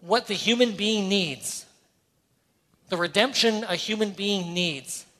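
A man's voice: high-pitched, slow, sharp tone. A middle-aged Canadian man preaching a sermon, earnest and conversational with playful asides. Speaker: pastor. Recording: hall reverb.

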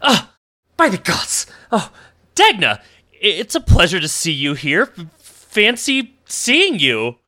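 A man's voice: sits high, wildly swooping pitch, slow pace, sharp tone, voice pushed up, exaggerated voice. A man doing a flustered pompous halfling noble.

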